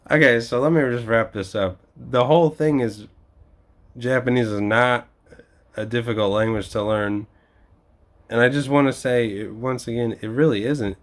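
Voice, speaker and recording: Foul-mouthed man ranting and laughing. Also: medium pitch. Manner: swears constantly, laughs between rants; mimics other people in quoted voices. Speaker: vlogger. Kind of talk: profane ranting monologue.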